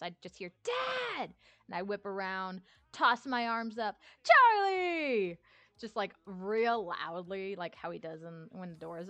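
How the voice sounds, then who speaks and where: A woman's voice: medium pitch, a bit bright, dry recording. A woman streamer telling a story in casual chat, laughing often and swearing freely.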